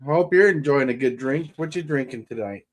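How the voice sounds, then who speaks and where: Male stream host, chatty and rambling, average pitch. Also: moderate pace. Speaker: livestream host. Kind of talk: casual chat.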